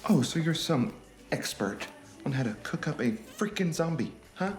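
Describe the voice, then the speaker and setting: An actor playing a grumpy, nervous, defeatist husband in a horror comedy film, with sarcastic, whiny remarks. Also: male voice, a little high, expressive, moderate pace, close to an everyday voice.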